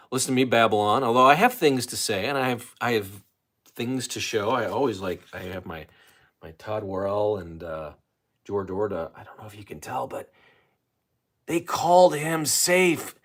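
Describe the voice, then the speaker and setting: Male livestream host, lowish voice, loose self-interrupting casual chat. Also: a little fast, a bit bright. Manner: loose, self-interrupting, chatty with many fillers.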